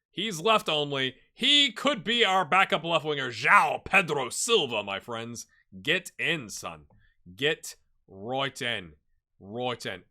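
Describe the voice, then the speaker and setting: A middle-aged man giving chatty commentary on his football management game and talking to his viewers. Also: on the high side. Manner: animated, chatty, talks to viewers and players. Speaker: gaming YouTuber. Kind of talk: casual Let's Play commentary.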